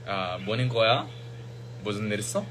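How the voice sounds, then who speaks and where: A man's voice: fairly low pitch, very fast, a bit bright, slight background noise, low-quality recording. A man from Mizoram, a singer, chatting casually and playfully as he tries out bits of many languages. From Mizoram, India. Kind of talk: casual chat answering questions.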